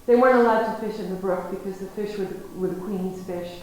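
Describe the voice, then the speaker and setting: A woman telling stories in a lecture, animated, acting out conversations and laughing easily. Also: medium pitch, quick pace. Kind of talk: storytelling lecture. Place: lecture room. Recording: very echoey room, faint noise.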